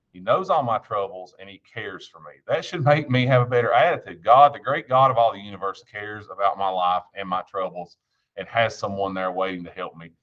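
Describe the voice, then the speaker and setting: A man's voice: lowish voice, a bit bright, muffled recording. A man giving an informal devotional talk, telling stories in a folksy, earnest way with frequent restarts. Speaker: church devotion speaker and school bus driver.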